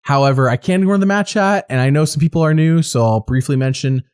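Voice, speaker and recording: A man co-hosting a podcast, talking in a chatty, animated way. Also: fairly high pitch, fast, smooth. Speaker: podcast co-host. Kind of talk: casual podcast chat.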